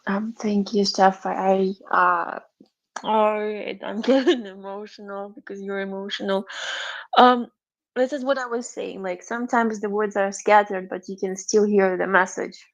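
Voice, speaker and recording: A woman from Ukraine, hosting a live audio chat, talking in an emotional, rambling way with many fillers and soft laughs. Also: mid-range voice, fairly even intonation, unhurried. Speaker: host. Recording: muffled lo-fi audio.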